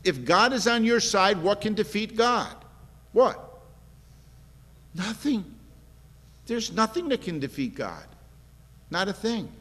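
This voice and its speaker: A man preaching a sermon in an earnest, conversational way, repeating key phrases as he speaks to his congregation. His voice sits high for a man. The room gives a long, hall-like reverb behind him. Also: very animated, slow, long pauses, a bit bright. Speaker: pastor.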